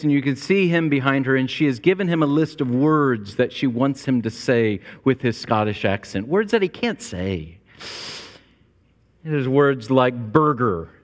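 A man preaching a sermon to his congregation, earnest and storytelling, with a long church reverb. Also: mid-range voice. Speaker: pastor. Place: church sanctuary.

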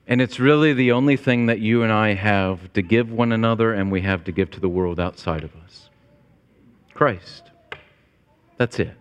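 A man preaching a sermon as pastor, with an emphatic, repetitive cadence that climbs higher in pitch when he stresses a point. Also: fairly bright tone, smooth, long reverb tail.

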